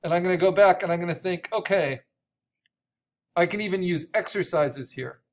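A man teaching an online art course, explaining steps with frequent restarts and a voice gone raspy from coughing. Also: high voice, moderate pace. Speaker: art instructor. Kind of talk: recorded online course lecture.

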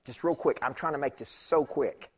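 A man preaching in church, telling a personal story in a chatty, animated way with laughing asides to the congregation. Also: mid-range voice, normal speed, husky. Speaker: pastor. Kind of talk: storytelling sermon. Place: church sanctuary.

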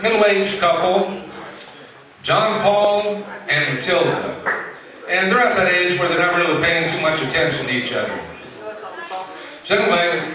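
A man's voice: sits high, distant mic. Folksy man telling jokes in an echoey room. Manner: folksy, drawling storyteller with fillers. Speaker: stand-up comedian. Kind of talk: live stand-up joke telling. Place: live venue with audience.

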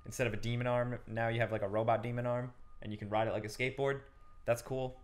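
A man's voice: medium pitch, level tone, fast talker. A man hosting a casual chat about video games, talking loosely and swearing freely. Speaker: gaming show host.

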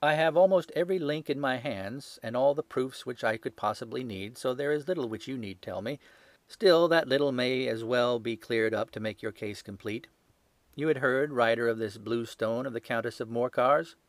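A cool, exacting gentleman detective, read by a man, clipped and stern in his commands. Mid-pitched and close to the mic, the sound is dry and unadorned. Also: moderate pace, no room sound, close to an everyday voice. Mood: commanding.

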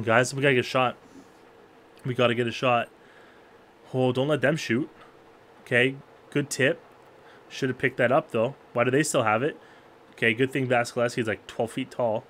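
A man calls a hockey video game play by play in a voice of ordinary, middle pitch. He shouts up high at big moments, drops to quiet grumbles between them, and talks straight to the players on screen. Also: a little hiss or hum. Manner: jumps to loud, high-pitched yelling at big plays, then drops to low mutters. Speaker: gaming YouTuber.

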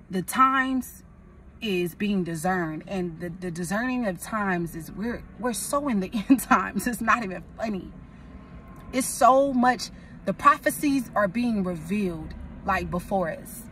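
A woman's voice: mid-range voice, a bit bright, distant mic, slight background noise. A young woman from California, a prophetess, preaching casually and rambling, repeating phrases for emphasis.

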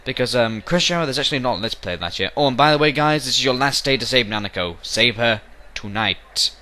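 A man's voice: mid-range voice, lively intonation, fast talker, sharp tone. Rambling jokey young man playing a game. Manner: rambling, jokey, breaks into silly voices and snatches of song. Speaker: let's play commentator. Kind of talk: casual game commentary. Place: bedroom at home.

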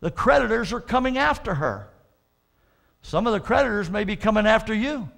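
Male pastor, sermon delivery; high, gravelly voice, earnest, repetitive restarts, punchy emphatic warnings. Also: animated, fairly quick. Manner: earnest preaching with frequent repeated "and, and" restarts; swells to loud emphatic warnings.

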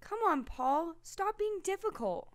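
An actress voicing an eerie woman in a horror cartoon, pleading to be let in with a drawn-out, unsettling singsong. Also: very high voice, very animated, heavy background noise, exaggerated voice. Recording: loud music behind.

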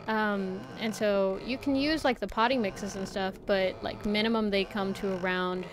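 A woman's voice: mid-range voice, fairly even intonation, normal speed, a crowd in the background. A woman streamer chatting casually while playing a game, rambling with lots of fillers. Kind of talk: casual chat while gaming.

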